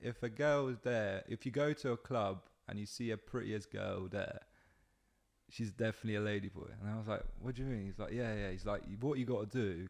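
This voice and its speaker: A young man, hosting a podcast and swapping work stories in casual chat, swearing freely and acting out quotes. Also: fairly low pitch. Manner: swearing, storytelling with acted-out quotes. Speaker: podcast host.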